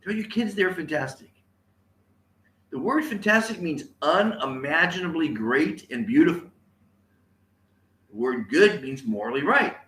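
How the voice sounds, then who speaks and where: A man's voice: fairly high pitch, animated, a little slow, long pauses, pushed and bright, echoey room. A man giving an enthusiastic live-streamed motivational talk, repeating catchphrases and urging viewers to say them aloud. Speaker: motivational speaker. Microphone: on camera, live stream.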